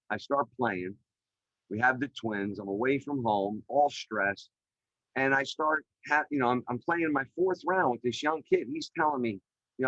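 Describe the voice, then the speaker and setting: A middle-aged man, a podcast guest, telling his career story in an energetic, chatty way with many fillers over a video call. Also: medium pitch, moderate pace, no room sound, lo-fi sound. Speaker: podcast guest, real estate developer. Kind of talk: animated storytelling in an interview. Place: remote call.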